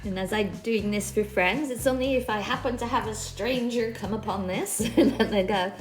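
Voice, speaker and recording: A woman's voice: medium pitch, normal speed. A woman in her fifties from Quebec with a Quebec French accent, chatting casually while leading a workout and switching between French and English. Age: 50s. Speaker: fitness instructor. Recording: echoey space with background music.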